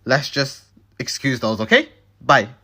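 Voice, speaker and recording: A man's voice: medium pitch, big pitch swings, measured pace, heavy background noise. A young man narrating his own cooking videos in a casual, playful way, cracking self-mocking jokes as he goes.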